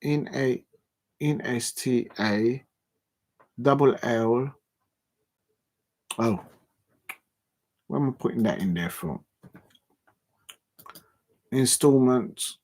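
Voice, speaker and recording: A man hosting a football livestream in casual chat, rambling and halting with many fillers and frequent chuckles. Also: medium pitch, a little mellow.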